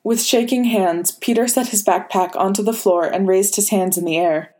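Woman narrating a story, measured. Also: medium pitch, darkish tone. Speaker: fan fiction reader. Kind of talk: scripted narration.

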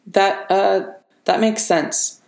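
A woman voicing an anxious teenage boy superhero who speaks hesitantly and in halting bursts in an audiobook reading. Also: medium pitch, fairly even intonation, vocal fry, a little mellow, pitched above the performer's own voice. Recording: roomy reverberant room.

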